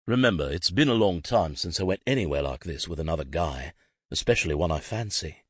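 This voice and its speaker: A man's voice: low-pitched, expressive, fairly quick, husky, no room sound, clean studio sound. A man voicing a confident, wry male detective who reassures his nervous friend. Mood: reassuring.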